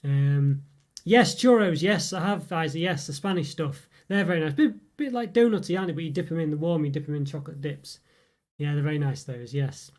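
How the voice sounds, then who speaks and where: A man's voice: a little high, brisk. A man hosting a casual livestream, rambling with many fillers and chuckles as he answers viewer comments. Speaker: livestream host reviewing snacks. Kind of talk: casual live chat reading viewer comments.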